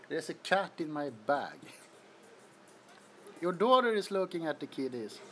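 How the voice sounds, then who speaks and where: A man with a Swedish accent chats casually through a livestream from an apartment, giggling often. His voice sits high and his pace is slow and easy, with a faint hum of room noise behind him. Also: big pitch swings. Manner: giggly, amused, introducing kittens. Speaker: livestream host. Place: indoors, apartment.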